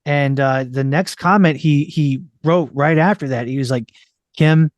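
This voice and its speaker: A man's voice: medium pitch, normal speed, dry recording, lo-fi sound. Rambling male podcast host. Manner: rambling, many fillers and restarts. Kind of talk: casual chat.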